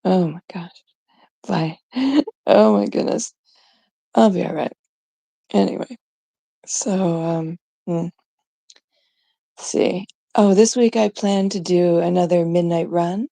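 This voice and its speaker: Canadian lady rambling on her livestream, super gravelly, slow, giggly. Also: lowish voice, dark tone, no room sound. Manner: rambling, giggly, mock-exasperated retellings. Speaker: live stream host. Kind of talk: casual live stream chat.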